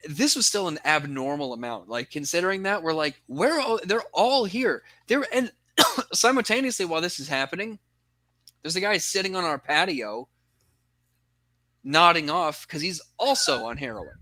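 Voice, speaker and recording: A man's voice: a little high, lively intonation, moderate pace, pushed and bright, no echo. A young man on a podcast, telling a story in rambling casual chat and swearing a lot. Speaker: podcast co-host.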